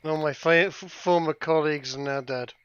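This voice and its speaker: A man's voice: fairly high pitch, fairly even intonation, normal speed, fairly bright tone, a little hiss or hum. Man streaming games through a lo-fi mic. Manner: stammering, self-deprecating, swears often. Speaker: game streamer. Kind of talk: casual gameplay commentary. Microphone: poor-quality headset mic. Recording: lo-fi voice chat mic.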